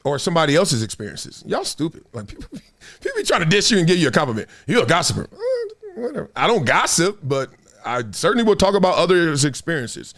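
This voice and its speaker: Lively male host, joking and slangy, voice rising and falling a lot, slightly higher register. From Southern California. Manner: animated, joking, slangy, teasing the audience. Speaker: show host. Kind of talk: casual commentary livestream.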